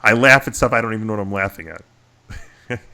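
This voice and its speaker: A man's voice: lowish voice, moderate pace. New York-accented man chatting. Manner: animated storyteller, laughs at himself. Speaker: podcast host. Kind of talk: casual chat.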